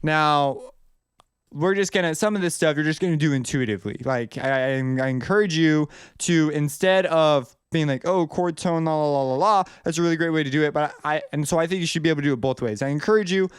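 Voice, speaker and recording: A young man teaches melody writing in an easygoing, conversational way, often restarting sentences and thinking out loud. His voice sits a little high and sounds smooth and clear. The recording is close and dry. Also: fast, no room sound. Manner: loose and conversational, many restarts, thinks aloud. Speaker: music composition teacher. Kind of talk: casual video lesson.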